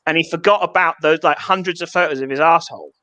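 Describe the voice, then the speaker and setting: A comedian guest on a podcast, telling a crude story and firing back deadpan quips. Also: mid-range voice, fast.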